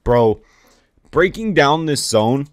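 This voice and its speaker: A young man commentating his own basketball video game from home. He calls plays like a sports broadcaster, gets loud and hyped, and swears freely. His voice sits in a middle pitch, with faint music playing in the background. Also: animated, takes it slowly, smooth, no echo. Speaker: gaming YouTuber. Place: home room, worried about neighbors.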